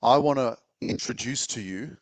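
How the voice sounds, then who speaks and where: A man's voice: medium pitch, moderate pace, creaky, dry recording. Australian man hosting a live event, dry sound. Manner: hypes the crowd, shouting. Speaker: event host and speaker.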